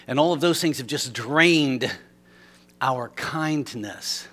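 A man's voice: fairly high pitch, a bit bright. A man preaching a sermon as a storyteller, often repeating words as he restarts a thought.

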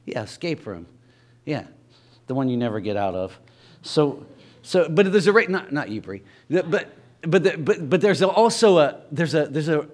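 A man with a Southern Ohio accent preaching a sermon in a church, talking conversationally, stumbling and restarting, and acting out quoted voices. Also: a little high. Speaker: pastor. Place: church sanctuary.

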